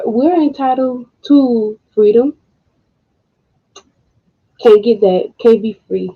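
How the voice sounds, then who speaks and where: A woman speaks slowly, with pauses, her voice close to tears and full of frustration. She swears bluntly and keeps coming back to the same point. The recording is dull and lo-fi. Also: fairly high pitch. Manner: frustrated, halting, profane. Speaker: co-host. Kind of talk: emotional commentary.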